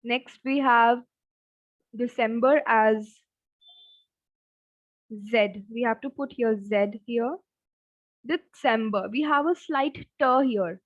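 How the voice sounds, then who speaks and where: A woman teaching a German lesson, speaking slowly and repeating each word several times. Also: a little high, no echo. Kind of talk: online language lesson. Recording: dull, dry lo-fi sound.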